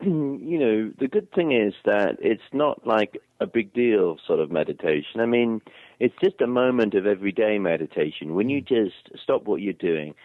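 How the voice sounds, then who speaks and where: A man's voice: on the low side, lively intonation, moderate pace, dry recording. An English man from England, a guest author speaking thoughtfully and articulately in a phone interview. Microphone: phone line. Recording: tinny phone line.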